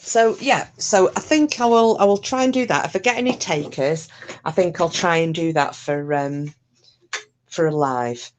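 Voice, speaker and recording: A woman's voice: low-pitched, moderate pace. Rambling, jokey woman streamer. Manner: rambling, self-interrupting, jokey. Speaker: livestream host. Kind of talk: casual live-stream chat.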